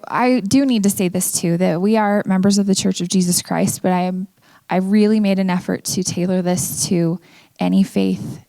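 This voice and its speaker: A woman's voice: medium pitch, gravelly, mellow, dry recording. A middle-aged woman from Utah giving an earnest, candid personal testimony talk at an event. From Utah, USA. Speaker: speaker. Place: event venue.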